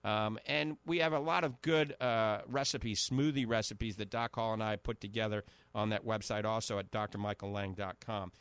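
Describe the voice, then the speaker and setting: A man hosting a radio health show, pitching products and repeating prices and names. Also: steady tone, normal speed, a bit bright, clear, resonant tone, no echo.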